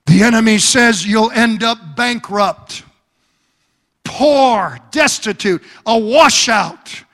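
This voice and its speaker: A man's voice: very high voice, expressive, extremely slow, bright, forceful tone, in a large hall. A male preacher delivering a fervent, rhythmic sermon in church.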